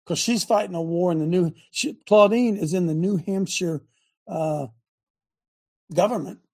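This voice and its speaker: Gravelly, high-pitched fiery preaching man. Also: measured pace. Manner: loud, preachy, repeats himself, shouts at times. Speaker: host and coach.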